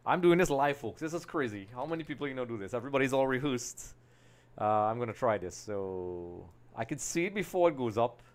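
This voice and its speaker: A man hosting a live football watch-along, chatting to viewers and getting excited at every chance. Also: medium pitch, fairly quick. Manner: chatty, keeps addressing viewers as folks, gets excited at chances. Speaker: live stream host.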